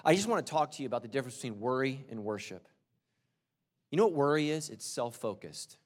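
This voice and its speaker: A man preaching a sermon as pastor, moving between loud outbursts and quiet confession, with humorous asides. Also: mid-range voice, lively intonation, fast. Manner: humorous asides and acted-out quotes. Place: large church auditorium. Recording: long reverb of a large hall.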